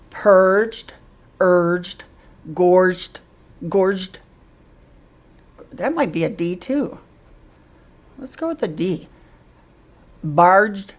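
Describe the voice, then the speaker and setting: A middle-aged woman tutors reading, slowly and patiently sounding out word endings one at a time. Her voice sits a little low for a woman, and she takes her time over every word. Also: vocal fry. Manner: slow, patient, sounding out words aloud. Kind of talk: phonics lesson to camera.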